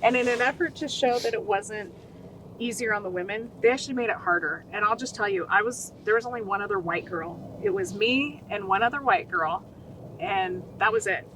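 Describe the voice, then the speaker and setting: Woman, forties, from Utah, animated guest storyteller, mid-pitched voice, faint noise behind. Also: fairly quick, poor audio. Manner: animated, acts out quoted voices. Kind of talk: storytelling interview.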